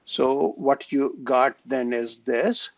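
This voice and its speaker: Slow, halting man with gravelly voice. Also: mid-range voice, no echo, dull audio. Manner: slow, halting, frequent "right?" and "okay?" checks. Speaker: math lecturer. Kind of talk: online lecture.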